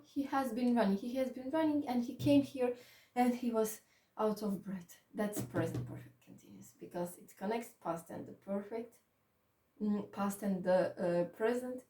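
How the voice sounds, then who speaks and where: A woman with a non-native accent teaches English grammar slowly and patiently, stopping often to check that she is understood. Her voice sits fairly high with a mellow tone. She is recorded from a distance in an echoey room. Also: a little hiss or hum. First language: Macedonian. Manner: slow, patient, repeats "okay?" to check understanding. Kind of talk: online grammar lesson.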